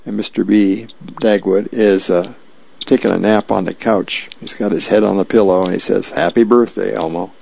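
A man's voice: on the low side, flat delivery, normal speed, gravelly, a little mellow. A man volunteering as a radio reader, reading the newspaper aloud plainly with small slips, in a dull lo-fi radio recording.

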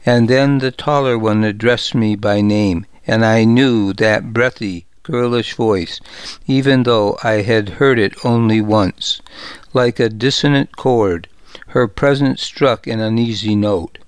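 A man reads a first-person story in a measured, deliberate way, taking his time over each phrase. His voice is smooth and clear, of middle pitch, and sits close and dry with no room sound. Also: no room sound. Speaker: audiobook narrator. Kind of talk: scripted first-person narration.

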